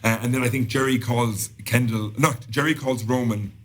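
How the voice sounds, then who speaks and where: A man's voice: medium pitch, steady tone, a bit bright. A man, co-hosting a casual podcast and recapping a show in a chatty, rambling way. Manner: chatty, rambling, quick asides. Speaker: podcast co-host.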